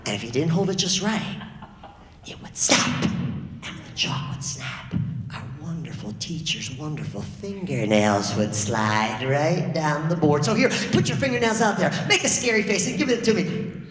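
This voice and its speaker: A storyteller telling a spooky tale to children, playful and lively, drawing the audience in with questions, recorded live on a large theatre stage. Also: medium pitch, moderate pace, hardly any pauses, echoey room, long reverb tail.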